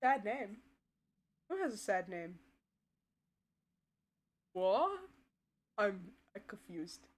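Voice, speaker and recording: A woman's voice: mid-range voice, very animated, drawn-out words, long pauses. A woman streaming a game live, chatting casually with her chat and giggling often. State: voice tiring. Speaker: VTuber streamer.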